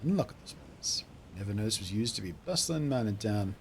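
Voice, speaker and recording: Man voicing eager young woman, pleading, rebuilding a mining town, lively ups and downs. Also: fairly low pitch, fairly quick, gravelly, a little hiss or hum.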